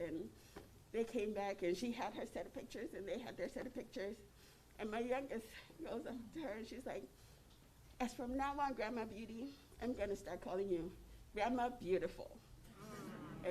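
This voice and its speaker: A woman's voice: mid-range voice, a little hiss or hum. Woman giving a fond funeral tribute. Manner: fond, storytelling, with soft pauses. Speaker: family member giving a eulogy. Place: funeral service hall.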